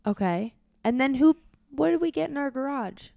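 A woman's voice: high voice, expressive, normal speed, vocal fry, dark tone, dry recording. A woman interviewing her son, talking eagerly and prompting him with short questions as she retells a story. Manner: acts out voices while retelling. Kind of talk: casual storytelling chat.

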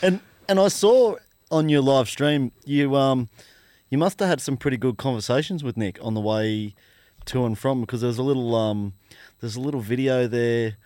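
A man's voice: medium pitch, moderate pace, darkish tone, no room sound. A man hosting a podcast, chatting casually and agreeing often with his guest. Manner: easygoing, agreeable interjections. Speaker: podcast host. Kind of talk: casual chat.

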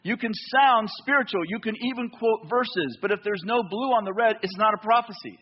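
A man preaching a sermon in a church, telling a story with lively back-and-forth dialogue. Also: high-pitched, brisk, slightly rough, lo-fi sound. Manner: animated storytelling, acts out both sides of dialogue. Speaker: pastor.

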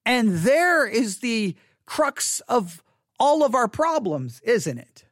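A male pastor giving a livestreamed sermon in a church sanctuary, candid and self-deprecating, telling a story with lively restarts. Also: extremely high pitch, takes it slowly, dry recording, studio quality.

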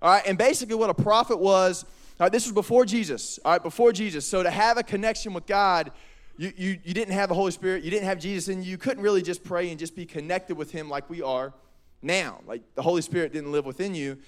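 A youth pastor with a high, bright-toned voice preaches to a group of young people. He talks in a casual, slangy, energetic way and acts out the people in the story in quick voices. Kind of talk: youth sermon.

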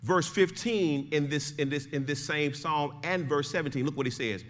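An older man preaching a sermon as pastor, swinging from shouted pleading to hushed, low emphasis. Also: moderate pace.

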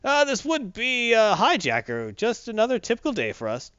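A man's voice: high voice, wildly swooping pitch, normal speed, fairly bright tone, smooth, no echo, highs cut off, pitched above the performer's own voice, heavily acted. A man voicing a male big-game hunter who shifts from gloating to chummy.

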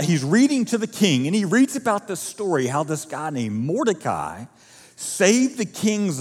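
A man's voice: a little high, husky, in a large hall. A male pastor preaching a sermon, retelling a story vividly with casual asides to the congregation. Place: church auditorium.

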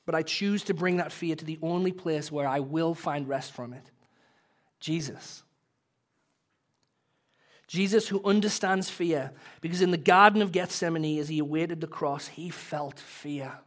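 A man preaching a sermon as pastor, earnest and emotional, swelling louder and then dropping soft, ending in prayer. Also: fairly high pitch, measured pace.

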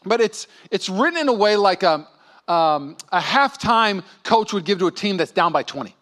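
High-voiced pastor preaching, animated. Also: male voice, moderate pace. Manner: animated, acts out voices in quotes. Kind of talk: sermon.

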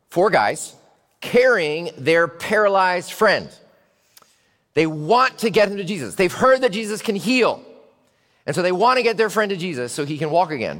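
A male pastor delivers a storytelling sermon with dramatic swings from hushed to loud. His voice sits slightly high. A long hall reverb trails every phrase.

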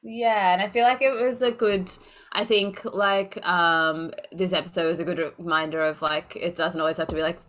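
This is a woman of about thirty, talking casually on a podcast with friends. Her voice sits on the lower side, and she rambles through her points with plenty of fillers, often breaking into laughter. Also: steady tone, moderate pace, fairly bright tone. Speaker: podcast co-host. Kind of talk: casual chat.

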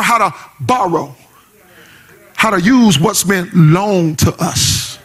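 A man preaching a sermon in a strikingly high, bright, husky voice. He moves between a quick spoken delivery and a chanted cadence that builds into shouts. His phrasing stays loose and vernacular throughout. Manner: preaching in a rising sing-song cadence, shouting at peaks; uses casual vernacular speech. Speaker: pastor.

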